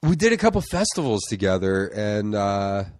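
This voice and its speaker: A man's voice: on the low side, very animated, normal speed, a little mellow, no echo, clean studio sound. A man guesting on a podcast in casual chat, talking in a laid-back, mumbly way that often trails off.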